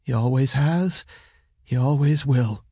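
A hard-pressed mother with a sharp, reproachful edge, as a gravelly male narrator puts her on. Her voice sits high for him, husky and gravelly at once, recorded close and dry with no room around it. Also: slow pace, no echo, heavily acted. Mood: firm reassuring. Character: worn, bitter poor mother, middle-aged woman. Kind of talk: audiobook character voice.

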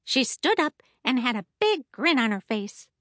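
A cheerful woman narrates a children's audiobook as a stuffed toy, chatty and confiding. Her voice sits high and leaps around. The recording is close, dry and clean. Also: sing-song, normal speed, a bit bright, no echo. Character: a stuffed toy telling the story, the teacher's favorite.

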